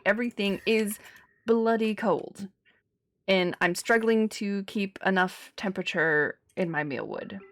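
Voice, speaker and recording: Chatty woman streaming a game. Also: on the low side. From Cyprus. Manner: chatty, laughs often, replies to chat. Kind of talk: casual chat while gaming.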